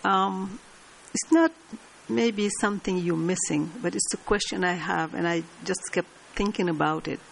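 Woman, meeting participant, slow, low gravelly voice, faint hiss. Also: lively intonation, rough recording. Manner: slow, hesitant, with fillers. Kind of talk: meeting discussion.

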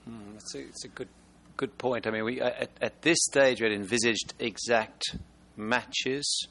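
Male presenter, gravelly and bright-edged voice, stop-start answers to audience questions. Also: medium pitch, fairly even intonation. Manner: halting, many restarts and repeated words. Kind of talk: conference Q&A answers.

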